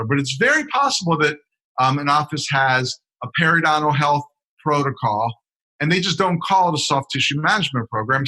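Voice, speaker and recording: A man's voice: on the high side, bright, forceful tone, poor audio. A man co-hosting a dental podcast, explaining and teasing his co-host in casual chat. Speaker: dentist co-host.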